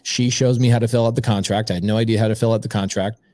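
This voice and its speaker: A man, a podcast guest, telling a story in a casual, lively way and acting out the dialogue. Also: on the low side, fast, dry recording, clean studio sound. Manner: lively anecdote-telling, acts out quoted dialogue; conversational, frequent "like" and "I go".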